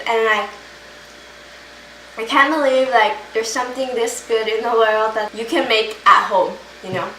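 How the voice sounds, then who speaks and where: A woman's voice: fairly high pitch, fairly even intonation, a little slow, a bit bright, reverberant, recorded from a distance, a little hiss or hum, rough recording. A woman chatting casually in a home cooking vlog, enthusiastic as she cooks and tastes her food. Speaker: home cook vlogger. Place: home kitchen.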